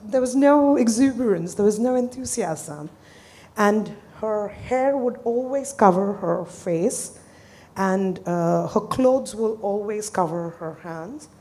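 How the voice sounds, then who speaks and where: A woman therapist walks an audience through a client case in a mellow, warm voice. Her delivery is earnest and hesitant, with pauses as she gathers her thoughts. Her pitch sits in the middle of the range. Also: lively intonation.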